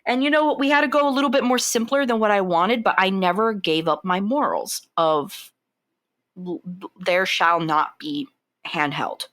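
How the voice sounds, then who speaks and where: A young woman co-hosting a podcast in casual chat, animated and quick to leap into high imitations. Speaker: podcast co-host.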